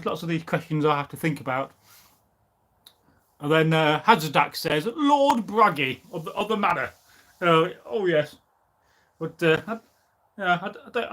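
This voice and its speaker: His voice a little high with a bright, forceful edge, a man chats on a casual live stream and reads viewers' comments. He rambles from one thought to another, sounding loose and opinionated with frequent ums.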